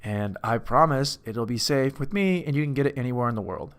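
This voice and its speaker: A man's voice: mid-range voice, expressive, a little fast, fairly bright tone, close to an everyday voice. A man voicing a cocky, scheming male villain who is an accountant, in a loose movie-recap impression.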